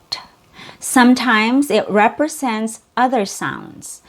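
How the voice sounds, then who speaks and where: A woman whose first language is Cebuano, teaching an English pronunciation lesson and slowly repeating sounds and words for the learner. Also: mid-range voice. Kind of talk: slow, clear pronunciation lesson.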